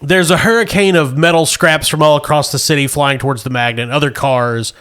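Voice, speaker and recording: A man's voice: fairly high pitch, steady tone, fairly quick, fairly bright tone, clear, resonant tone. A man narrating as game master, setting scenes vividly and chuckling between lines. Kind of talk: narrating a tabletop game for players.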